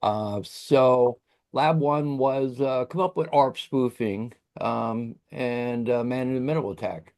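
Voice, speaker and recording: A man's voice: medium pitch, slow pace, darkish tone. A man walking through technical lab plans in casual talk, often checking in with "right?" and using many fillers. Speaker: podcast guest explaining tech labs.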